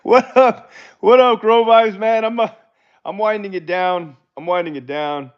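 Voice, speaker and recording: Middle-aged male streamer, slightly high voice, blunt and profane, muffled lo-fi audio. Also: steady tone, a little slow, clean tone. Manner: blunt, profane, laid-back storytelling. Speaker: livestream host, former corrections officer. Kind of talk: casual livestream chat answering viewer questions. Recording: dull lo-fi livestream audio.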